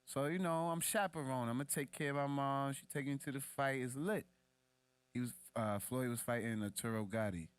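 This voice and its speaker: A man's voice: moderate pace, clean tone, no room sound. Profane, slangy young man spinning a story. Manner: animated, acts out quoted voices in a much higher pitch; profane, slangy street talk. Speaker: podcast co-host. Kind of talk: casual storytelling.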